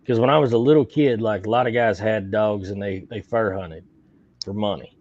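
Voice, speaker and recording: Low-voiced man on dull lo-fi audio. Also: normal speed, darkish tone. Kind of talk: casual chat.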